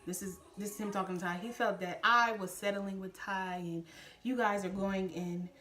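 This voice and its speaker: A young woman in her twenties, a vlogger casually telling a personal story to camera, animated and addressing viewers directly. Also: medium pitch, normal speed, faint music behind.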